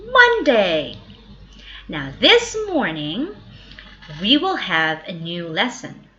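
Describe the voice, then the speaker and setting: A woman teacher talks to young children at a very slow, deliberate pace, stretching out each word and spelling it letter by letter. Her bright voice moves through a lively range of pitch. The audio is a little dull and lo-fi. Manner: slow, drawn-out spelling aloud for kids. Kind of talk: children's vocabulary lesson.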